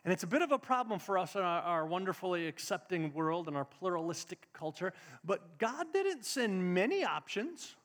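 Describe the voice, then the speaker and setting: A male pastor preaching a lively live sermon to his congregation. He talks straight to them and climbs to emphatic peaks. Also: high-pitched, a little fast, few pauses. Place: church sanctuary with congregation. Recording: reverberant church hall.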